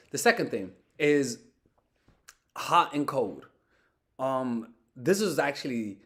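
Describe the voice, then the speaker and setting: A young man giving casual dating advice in a monologue, swearing often and repeating himself as he talks. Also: fairly high pitch. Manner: animated, swears often, repeats and restarts words. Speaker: dating coach.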